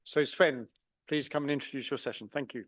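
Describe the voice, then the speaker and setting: A man moderating a conference, thanking the speakers and introducing the next session in a brisk, friendly way. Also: mid-range voice, fairly even intonation, fairly bright tone, dry recording.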